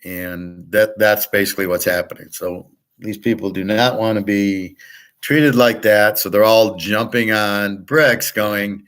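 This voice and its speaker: A markets and sports betting commentator, speaking a little slowly in a fairly low, slightly bright voice with fairly even intonation, rants profanely and bluntly about markets. His thoughts often restart or fade out mid-way.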